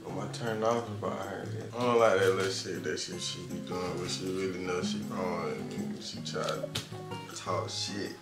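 A man's voice: sits low, level tone, moderate pace, creaky. Young man, slangy and joking, couple Q&A, roomy sound over background music. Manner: laid-back, slangy, joking. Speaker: vlogger's boyfriend. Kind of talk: casual couple Q&A chat. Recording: echoey room with music behind.

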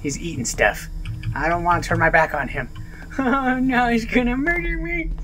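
A man's voice: extremely high pitch, normal speed, fairly bright tone, a little hiss or hum. A man hosting a horror let's play, joking and exclaiming as he reacts to the game. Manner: jumpy, exclaiming and joking at the screen. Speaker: gaming video host.

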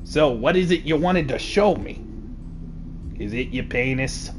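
A man voicing a crude teenage boy sidekick in a game, with a low, mumbled, deadpan delivery. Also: a little slow, slight background noise, lightly acted.

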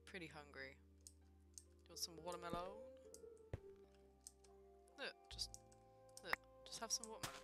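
A young woman doing casual gameplay commentary, chatting to the game's creatures and breaking into loud outbursts. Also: lowish voice, moderate pace, pauses often. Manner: chatty, talks to game mobs, bursts into loud yelps. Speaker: gaming video creator. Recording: loud game music behind. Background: game music.

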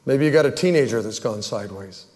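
Earnest pastor in a reverberant church. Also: male voice, medium pitch, expressive, fast talker, darkish tone. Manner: earnest, pleading, acts out worried voices. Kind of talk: sermon altar call and prayer. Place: church sanctuary. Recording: long hall reverb.

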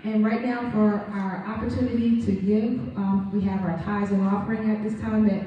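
A woman's voice: mid-range voice, level tone, moderate pace, dull audio. A woman leading a church service, upbeat and exclamatory, welcoming visitors and calling for amens from the congregation. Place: church sanctuary. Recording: echoey church hall, distant mic, congregation audible. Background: congregation responding.

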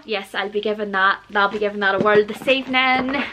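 A bubbly woman in her forties, unboxing gifts in a casual vlog with gasps and squeals of delight. Her voice is bright and sits a little high. A faint hiss of noise runs under it. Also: normal speed. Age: 40s. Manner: gushing and excitable, frequent gasps and squeals. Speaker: book vlogger.

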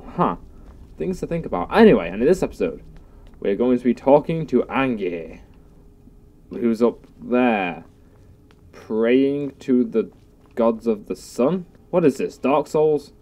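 Goofy guy rambling over his game, mellow dark voice. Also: medium pitch, animated, a little slow, pauses often. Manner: goofy, self-mocking, rambling. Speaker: gaming youtuber. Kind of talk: casual let's play commentary.

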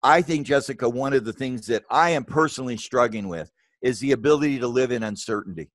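A man's voice: fast, dry recording. An older man speaks as a guest presenter on a webinar, earnest and emphatic. His voice leaps upward whenever he drives a point home. The sound is close and dry, with no room around it. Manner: emphatic, earnest, with sudden rises in pitch when stressing points. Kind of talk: presentation and discussion.

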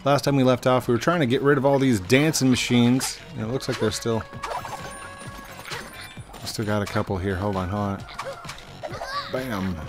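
Chatty man narrating gameplay, mid-pitched, over game music. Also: steady tone, normal speed, pauses often. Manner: chatty, self-talking, restarts. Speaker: let's-play host. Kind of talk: casual gameplay commentary.

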